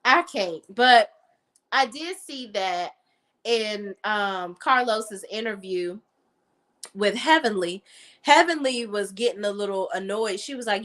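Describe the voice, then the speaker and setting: A woman with a DC accent co-hosting a casual commentary chat, blunt and animated, swearing freely. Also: medium pitch, slow pace. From Washington, D.C. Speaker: podcast co-host.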